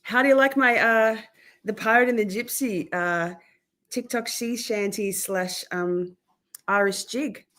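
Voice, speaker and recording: A woman's voice: mid-range voice, measured pace, fairly bright tone. A woman streaming live, chatting casually to her viewers and swearing freely while she fights with her gear.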